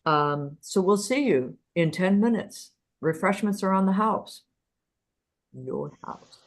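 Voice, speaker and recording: A woman's voice: medium pitch, unhurried. A woman hosting an online show over a video call, chatty and full of ums and uhs. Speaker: host.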